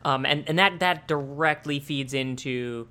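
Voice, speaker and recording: A man's voice: a little high, a little slow, bright, forceful tone. A man co-hosting a podcast, chatting casually about a cartoon, rambling and restarting his sentences, laughing easily. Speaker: podcast co-host. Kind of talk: casual chat.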